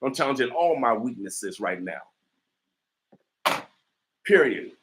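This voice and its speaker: A community radio morning show host from Omaha, Nebraska, with the local accent, speaks in a fired-up, emphatic way, stammering and using lots of fillers. His mid-range voice is very animated yet he takes it slowly, with background noise in the recording.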